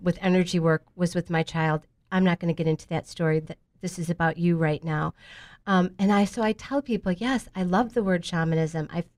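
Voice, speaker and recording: A woman's voice: on the low side, darkish tone. A woman hosting a radio interview, speaking in an affirming, enthusiastic way to her guest and listeners. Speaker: radio show host.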